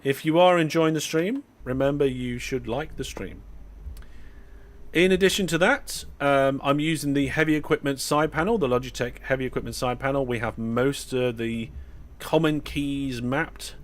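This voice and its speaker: Young UK man, chatty live-stream gamer, talks to viewers mid-game, relaxed and rambling. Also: mid-range voice, moderate pace. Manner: chatty, talks to viewers while playing, frequent fillers and restarts. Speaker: streamer driving a train simulator. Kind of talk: casual live-stream commentary.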